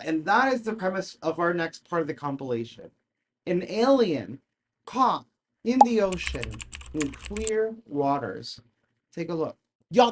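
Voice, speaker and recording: High-voiced excited man narrating clips. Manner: excited, addresses viewers as "y'all". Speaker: compilation host. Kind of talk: casual video commentary.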